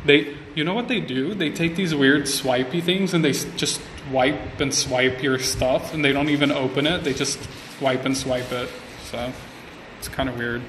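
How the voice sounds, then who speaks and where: A man's voice: medium pitch, moderate pace, a bit bright, slight background noise. A man chatting casually to viewers on a phone live stream, rambling and repeating himself with lots of filler likes. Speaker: vlogger on an Instagram live stream. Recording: roomy phone audio with a long reverb tail.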